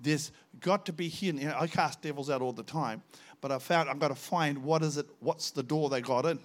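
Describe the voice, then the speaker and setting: New male preacher, fervent testimony storyteller, slightly high voice. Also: brisk. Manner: fervent storytelling, rising to emphatic peaks. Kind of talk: testimony sermon.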